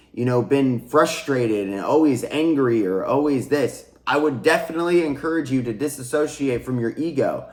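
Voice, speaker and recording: This is a man giving an unscripted spiritual teaching to camera, at a middle pitch. He is earnest and repetitive, restarting his sentences and calling his audience guys. His voice rings in a noticeably echoey room. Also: a little mellow. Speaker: spiritual coach and channel host. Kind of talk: casual spiritual teaching monologue.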